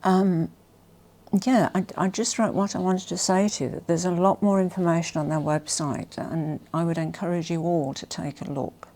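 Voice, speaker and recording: Gravelly low-voiced woman gushing over a purchase. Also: steady tone, moderate pace. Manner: gushing and emotional, drops to soft whispers. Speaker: fashion vlogger. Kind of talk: casual haul vlog.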